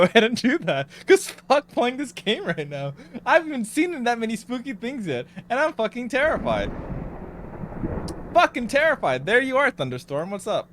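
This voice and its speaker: A man's voice: high-pitched, a bit bright, a little hiss or hum. A man live-streaming a horror game, chatting with viewers and yelping and swearing when scared. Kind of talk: casual live-stream chat while playing a horror game.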